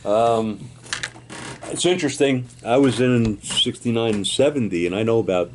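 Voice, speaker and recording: A man's voice: medium pitch, moderate pace, noisy background. A man interviewing a veteran in a casual way and sharing his own service memories.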